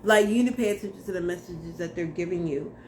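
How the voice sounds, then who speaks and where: A woman's voice: on the low side, fast talker, noisy background. Blunt, slangy woman tarot reader. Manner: blunt, slangy and profane, talking straight to viewers. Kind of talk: casual tarot reading to camera.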